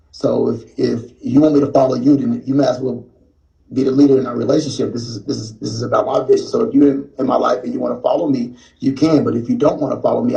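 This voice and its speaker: A man, explaining his views calmly and earnestly in a clip. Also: medium pitch, gravelly. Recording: dull lo-fi clip audio.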